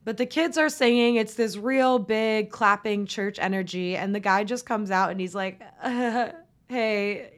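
A young woman from Florida hosting a solo recap podcast, chatty and sarcastic, with lots of "like" and "oh my God.". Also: on the low side. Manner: chatty, sarcastic, valley-girl fillers. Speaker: podcast host.

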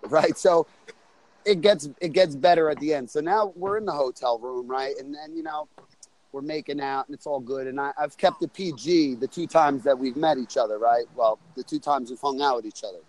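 On a group call from a loud street outside a bar, a man casually tells a crude story. His mid-range voice is expressive and a little mellow, at normal speed, on a low-quality recording. He rambles and swears, often checking in with "right?" and "you know what I'm saying."

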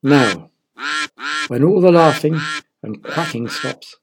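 A man's voice: on the high side, expressive, takes it slowly, a crowd in the background. A man narrating a children's story in a playful way, often asking the listeners questions.

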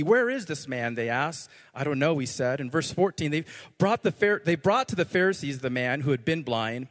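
On the high side and animated, this man's voice moves at a moderate pace as he preaches as pastor in a church with long hall reverb. Playful jokes come at times, followed by earnest prayer.

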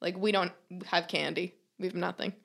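A woman's voice: fairly low pitch, steady tone, moderate pace, gravelly, a bit bright. A young woman chatting casually on a podcast, telling a comic story, swearing freely and acting out quotes with lots of laughter. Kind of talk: casual comedic storytelling chat.

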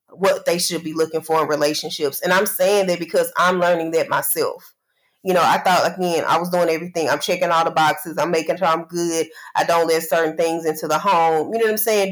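A woman's voice: on the low side, poor audio. A woman co-hosting a casual podcast, talking reflectively in long winding sentences full of "you know". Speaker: podcast co-host.

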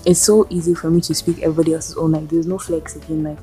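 A woman's voice: low voice, level tone, fast talker, mellow, faint music behind. A young Nigerian woman hosting a solo podcast, ranting and firing off exasperated rhetorical questions in a Nigerian accent. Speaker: podcast host.

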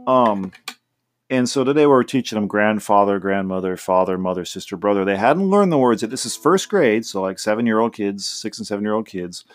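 A man's voice: fairly low pitch, fast. A man hosting a podcast, talking in a loose, rambling way full of restarts. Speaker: podcast host. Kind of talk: casual rambling monologue. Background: faint guitar he plays himself.

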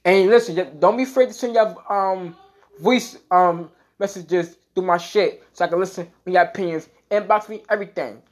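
A man's voice: high-pitched, moderate pace. A young man hosting a solo podcast, ranting in a profane, repetitive way, packing his talk with "like" and getting heated. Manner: gets heated and louder. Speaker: podcast host.

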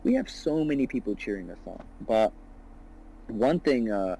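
A young man in his twenties chatting on a podcast about his own venture. His voice is mellow and a little husky, and he talks earnestly, circling back on himself and tagging his points with "you know" and "right". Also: medium pitch, sing-song, moderate pace, rough recording. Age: 20s. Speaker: business founder guest. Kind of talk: casual podcast conversation.

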